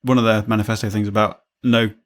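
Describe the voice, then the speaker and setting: A man's voice: lowish voice, flat delivery, fast talker. A man co-hosting a casual chat podcast, rambling and jokey as he thinks aloud. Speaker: podcast co-host.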